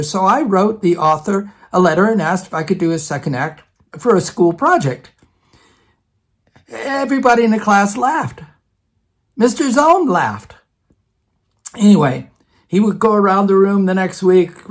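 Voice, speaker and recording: An older man, a retired theater department head, telling a personal story in a relaxed conversational way and acting out other people's lines. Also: high voice, moderate pace.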